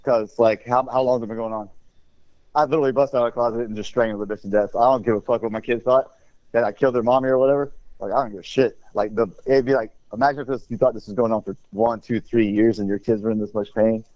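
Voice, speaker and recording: A man's voice: medium pitch, fairly even intonation, quick pace, no room sound. A man co-hosting a podcast in casual chat, talking in a rambling, blunt and profane way. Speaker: podcast co-host. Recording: dull lo-fi recording.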